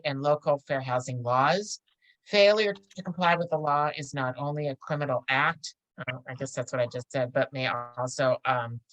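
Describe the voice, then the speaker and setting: A middle-aged woman teaches a real estate course like a casual classroom lecture, chatty and often laughing as she tells stories. Her voice is low-pitched with a fairly bright tone. The recording is dry and of low quality.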